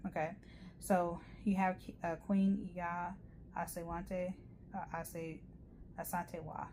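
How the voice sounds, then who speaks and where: A woman's voice: fairly low pitch, little pitch movement, slow pace, dark tone, slight background noise. A woman giving a rambling, chatty tarot reading, full of fillers and asides. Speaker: tarot reader. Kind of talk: casual tarot reading monologue.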